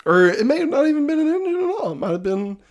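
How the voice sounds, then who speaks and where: A man recapping an episode in a rambling, animated comic style. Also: very high voice, fast talker.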